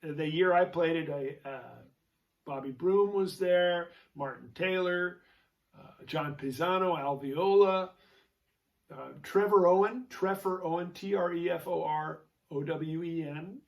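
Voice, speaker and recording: A man's voice: a little high, measured pace, vocal fry, distant mic. A man hosting his own show, telling a rambling story in a casual, chatty way with many fillers and restarts. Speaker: show host, jazz guitarist.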